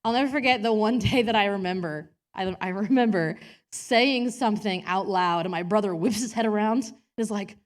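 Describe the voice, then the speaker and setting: A woman's voice: mid-range voice, normal speed. A woman preaching a personal sermon in a church, chatty and self-deprecating, laughing often and acting out quotes in different voices.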